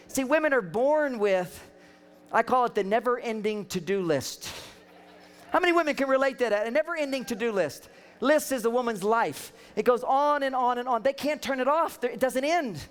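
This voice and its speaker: A man speaking as a relationship counselor, giving a humorous seminar talk with animated, joking storytelling. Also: very high voice, moderate pace, clean tone.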